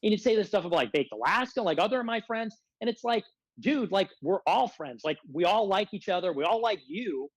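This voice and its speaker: A man's voice: high-pitched, animated, fairly quick, no echo, rough recording. A man speaking as a podcast guest in casual conversation. He rants in an aggrieved, rambling way and fills nearly every phrase with "like.". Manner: rambling aggrieved rant, heavy use of filler "like".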